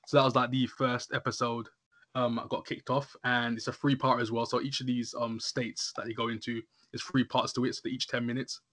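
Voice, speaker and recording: Male podcaster, bright and lively, recapping an episode in loose chat. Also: medium pitch, brisk. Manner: animated, laughs often, says "literally" a lot. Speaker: podcast host reviewing a horror episode. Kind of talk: casual chat.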